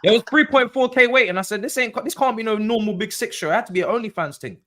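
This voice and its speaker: A man on a football panel with a high, bright voice. He banters playfully, with joking, half-deadpan comebacks. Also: fast talker. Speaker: panel guest. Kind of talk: casual panel show chat.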